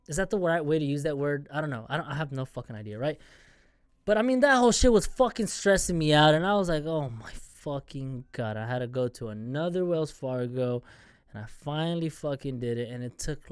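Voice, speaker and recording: A man's voice: medium pitch, smooth, no echo, clean studio sound. A man hosting a solo podcast, venting in a rambling, profane, self-mocking casual rant. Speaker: podcast host.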